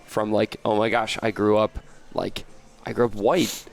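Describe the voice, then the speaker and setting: Male guest, from the US, lowish voice, loose and meandering delivery. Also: flat delivery, moderate pace, creaky. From United States. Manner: rambling, many fillers and restarts. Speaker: podcast guest, entrepreneur. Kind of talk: casual interview chat.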